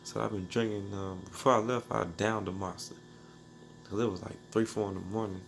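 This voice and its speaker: A man's voice: fairly low pitch, steady tone, brisk, gravelly, a little hiss or hum. A man telling a personal story in a loose, rambling, slang-filled way, full of restarts. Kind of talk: casual storytelling.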